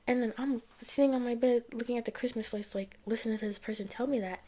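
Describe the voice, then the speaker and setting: A woman's voice: a little high, fairly even intonation, fast, mellow. A young adult woman telling a personal faith story in a casual, chatty way, often dropping to a near-whisper. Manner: chatty, heavy use of "like" and "y'all", often drops to a near-whisper. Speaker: vlogger sharing a faith testimony.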